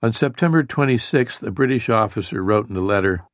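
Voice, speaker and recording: A man reading a history book aloud in a measured, even storytelling manner. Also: lowish voice, dry recording, clean studio sound. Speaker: audiobook narrator. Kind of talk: scripted history narration.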